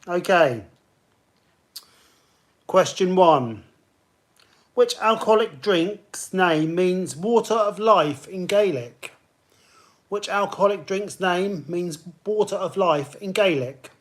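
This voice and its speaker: A man's voice: high-pitched, animated, slow, pauses often. A man hosting a live online pub quiz, chatting and greeting players by name as he reads questions. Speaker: quiz host.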